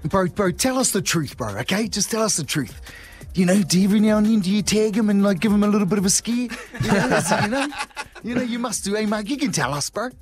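A man's voice: high voice, fast, soft background music. A man co-hosting a breakfast radio show, teasing a guest with jokey banter and laughter. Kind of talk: joking breakfast radio chat.

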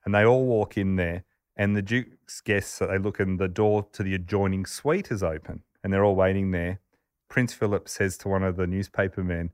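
A man casually telling anecdotes on a podcast, chatty and animated, laughing as he goes. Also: deep voice, normal speed, clean tone, dry recording, studio quality. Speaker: podcast host telling a story. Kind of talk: casual storytelling chat.

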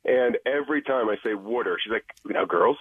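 A man's voice: mid-range voice, brisk, crowd noise. A man with a light Philadelphia accent calling in to a radio show to chat. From Philadelphia area. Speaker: caller. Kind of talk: call-in chat. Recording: phone line.

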